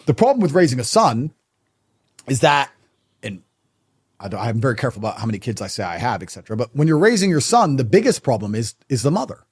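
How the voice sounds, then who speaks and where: A man's voice: mid-range voice, very animated, fast, slightly rough. A man speaking as a guest in a podcast conversation, blunt and emphatic in his statements.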